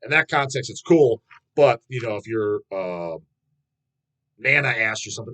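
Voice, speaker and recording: A man's voice: mid-range voice, animated, normal speed, long pauses, pushed and bright, poor audio. A man in his thirties who hosts his own channel, answering fan questions in a rambling, blunt monologue full of swearing. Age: 30s. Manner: profane, blunt, swears constantly, laughs at himself.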